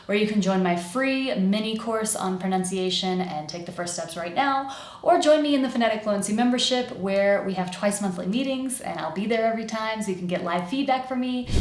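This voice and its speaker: An American woman coaching pronunciation, sounding out words slowly and clearly. Her voice sits in a middle range and rings with a noticeable room echo. Her delivery is steady and instructive. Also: mid-range voice. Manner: clear and demonstrative, stretching and exaggerating sounds. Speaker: accent coach. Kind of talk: pronunciation lesson.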